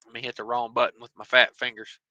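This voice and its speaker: A man's voice: mid-range voice, little pitch movement, quick pace, bright, forceful tone, no echo, lo-fi sound. A man hosting a casual trucking livestream on his phone, reading viewer comments in a loose, joking way. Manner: loose and joking, many fillers and asides.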